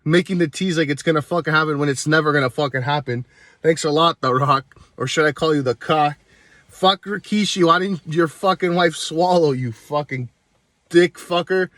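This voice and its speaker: Profane ranting man, higher voice. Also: moderate pace, fairly bright tone, dry recording. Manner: heated, swears constantly, rambling. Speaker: vlogger, show host. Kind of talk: profane comedic rant.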